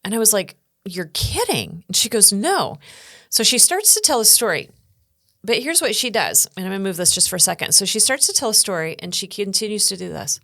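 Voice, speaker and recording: This middle-aged American woman, a coach appearing as a podcast guest, speaks at a brisk clip with a medium-pitched voice. She recounts her story with earnest animation, voicing other people's quotes along the way. The sound is studio quality, with no room sound.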